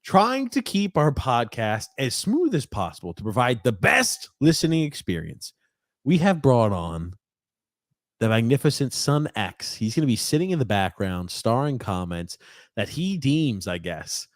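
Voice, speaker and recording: A man hosting a casual sports podcast, chatty and energetic, swearing now and then. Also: mid-range voice, unhurried, dry recording, studio quality. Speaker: podcast host.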